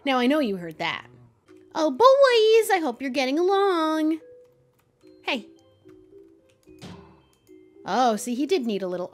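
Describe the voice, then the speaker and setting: Faint music plays behind a high-pitched young woman streaming Minecraft, who takes it slowly with long pauses and big pitch swings. She playfully commentates her building and chats to the in-game animals.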